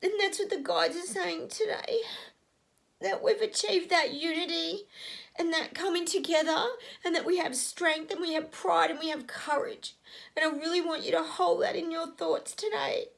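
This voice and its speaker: A woman, a psychic, giving an earnest, emotional spiritual message in a vlog, halting and repeating her phrases. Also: very high voice, fairly even intonation, vocal fry.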